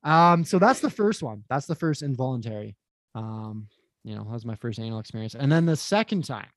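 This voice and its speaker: A man's voice: medium pitch, brisk, no echo. A young man on a podcast, telling a crude personal story in casual chat, swearing often and acting out what people said. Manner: animated, profane, acts out quotes. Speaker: podcast guest.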